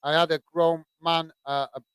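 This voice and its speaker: Host type: man from the UK, halting casual chat, smooth voice, slightly higher pitch. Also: level tone, a bit bright, no echo. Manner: halting, many fillers and restarts. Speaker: host of a football channel. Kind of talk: casual live-stream chat reading out viewer comments.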